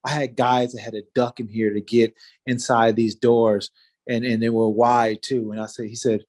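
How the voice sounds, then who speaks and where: A man's voice: mid-range voice, level tone, normal speed, darkish tone. A man in his forties, a former fighter, telling a story in casual interview talk, loose and rambling with many fillers and restarts.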